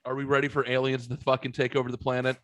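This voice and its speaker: Podcast host, middle-aged man, profane animated storyteller, dry close mic. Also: medium pitch, quick pace, no echo. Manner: profane, animated storyteller saying dude a lot. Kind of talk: casual storytelling chat.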